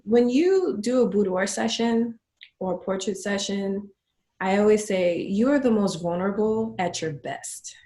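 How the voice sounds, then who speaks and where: A middle-aged woman as an interview guest, telling stories warmly and acting out her clients' words. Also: medium pitch, a little slow, echoey room. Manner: warm storytelling, acts out clients' lines. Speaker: guest, photography business owner. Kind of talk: conversational interview.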